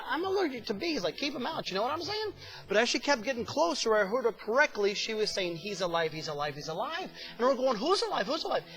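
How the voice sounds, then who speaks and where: A man playing Peter, a rapid, chatty fisherman. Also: high voice, a bit bright, poor audio. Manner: chatty, rambling, full of "you know". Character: excitable adult male fisherman apostle. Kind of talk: comic video sketch.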